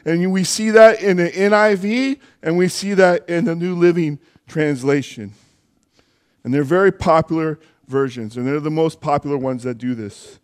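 A man's voice: on the high side, moderate pace, clean tone. A man preaching a sermon in church, in a conversational way with asides and self-corrections.

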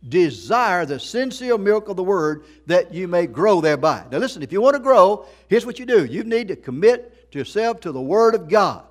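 High-voiced preaching pastor. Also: male voice. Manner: emphatic preaching with repeated phrases and rhetorical questions. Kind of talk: sermon.

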